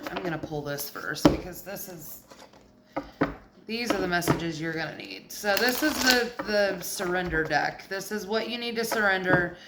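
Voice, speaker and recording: A woman's voice: fairly low pitch, lively intonation, measured pace, very noisy. A woman giving a casual tarot reading, blunt and profane, getting heated as she goes. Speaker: tarot reader.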